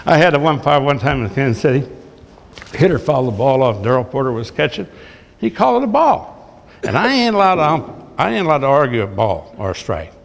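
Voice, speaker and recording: A man's voice: medium pitch, big pitch swings, fairly quick, creaky. An older man, a retired baseball manager, telling folksy, blunt stories to an audience in a large hall. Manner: folksy, blunt, salty anecdotes. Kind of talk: storytelling speech to an audience. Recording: echoey hall recording.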